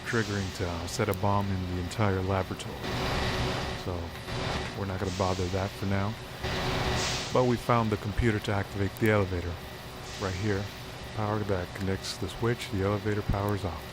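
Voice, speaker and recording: Man, low voice, easygoing let's-play commentary with game music behind. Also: brisk. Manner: relaxed, rambling, many "um" fillers. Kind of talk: casual gameplay commentary.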